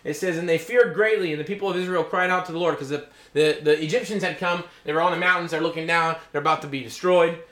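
A middle-aged male pastor talks fast with few pauses, his voice on the high side, a bit bright, and fairly even in intonation. Recorded in an echoey room, he reads scripture and explains it loosely, checking in with "okay?" and "you know?"

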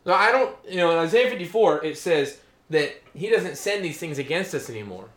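High-pitched guy preaching, reads verses then riffs on them, keeps asking "okay?", roomy echo. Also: animated, a little fast, a bit bright. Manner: reads scripture aloud, then explains in loose asides; checks in with listeners with "okay?" and "you know?". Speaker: pastor. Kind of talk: sermon. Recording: echoey room.

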